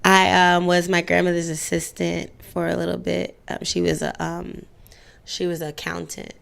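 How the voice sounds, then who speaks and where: Low gravelly young woman telling stories. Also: monotone, moderate pace. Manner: candid, storytelling with playful voices. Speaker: interview guest. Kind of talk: casual interview chat.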